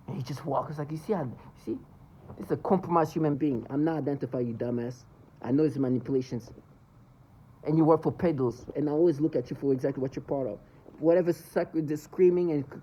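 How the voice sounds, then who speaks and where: A man's voice: fairly high pitch, mellow, lo-fi sound, a little hiss or hum. A man ranting angrily in a monologue to camera, cursing and agitated. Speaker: vlogger.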